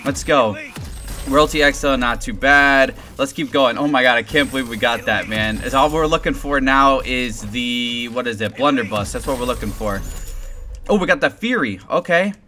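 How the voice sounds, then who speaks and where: A young man giving excited, rambling gameplay commentary as a gaming video host. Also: mid-range voice, normal speed, faint music behind. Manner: hyped, rambling, shouts and laughs at rare drops. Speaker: gaming YouTuber.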